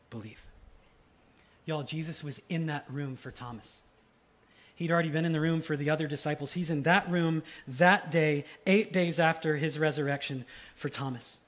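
A young adult man, preaching a sermon in a conversational way and dropping to a quiet intensity when he quotes Jesus. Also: high voice. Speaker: pastor.

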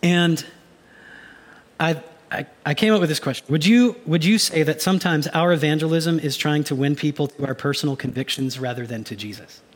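A male pastor delivering a sermon in a somewhat high voice. He preaches with animation and now and then slips into mock inner voices to make his point. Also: a little fast.

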